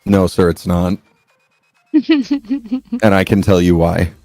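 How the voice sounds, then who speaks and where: A man co-hosting a casual card game stream, explaining in a measured way with small restarts. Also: sits low, huge pitch swings, dark tone, dry recording, faint music behind. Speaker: co-host player. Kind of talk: casual chat.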